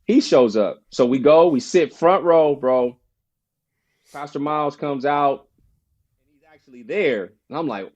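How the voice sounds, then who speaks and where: A man tells a personal story as a podcast guest, casual and full of slang. He animates the voices of the people he quotes. His voice sits a little high, and the audio is slightly dull and lo-fi. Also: a little slow. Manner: animated storyteller, acts out quoted friends in a higher voice; casual slang, frequent "bro" and "you know".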